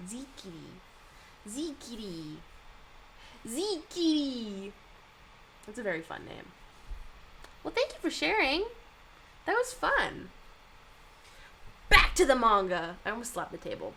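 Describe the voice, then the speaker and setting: A young woman talks casually with a lively, bouncing pitch, full of likes and ums. Faint background hiss sits under her voice. She sounds like a streamer chatting to her viewers. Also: vocal fry, rough recording. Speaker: streamer reading manga and reacting. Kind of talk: casual chat.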